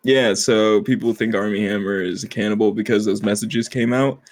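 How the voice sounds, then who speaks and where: A man's voice: lowish voice, fairly even intonation, normal speed, a little hiss or hum. A man co-hosting a casual podcast chat, rambling with lots of fillers and frequent laughter. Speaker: podcast co-host.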